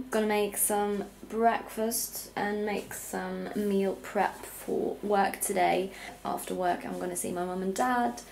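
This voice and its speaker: A young woman with a mid-pitched, gravelly voice chats casually to her own camera at home. She talks freely and often slips into a soft near whisper. A faint hiss sits under her voice. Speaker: vlogger. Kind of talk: casual self-filmed vlog chat. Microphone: camera held by herself.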